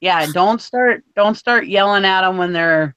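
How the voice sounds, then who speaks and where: A woman's voice: mid-range voice, a little slow, fairly bright tone, smooth, dry recording. Chatty woman on a dull, lo-fi mic. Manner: rambling anecdotes full of fillers like "like". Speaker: show co-host. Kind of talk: casual chat. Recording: dull, lo-fi sound.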